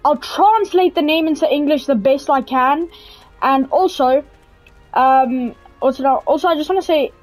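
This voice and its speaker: Young South African woman, Afrikaans-native, high voice, casual halting commentary over faint background music. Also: rough recording. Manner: hesitant, many fillers and restarts. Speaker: gaming video creator.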